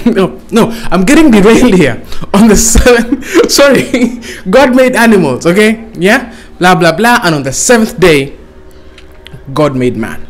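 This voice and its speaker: A man's voice: high voice, very animated, normal speed. A man telling a comic story casually, swearing and laughing at his own jokes. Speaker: comedian. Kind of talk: comedic storytelling.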